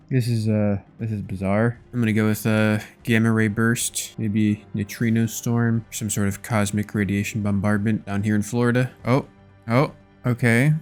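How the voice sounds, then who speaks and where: A man's voice: lowish voice, little pitch movement, measured pace, faint music behind. A young man giving laid-back, chatty commentary over his own gameplay, swearing casually now and then. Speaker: gaming video creator.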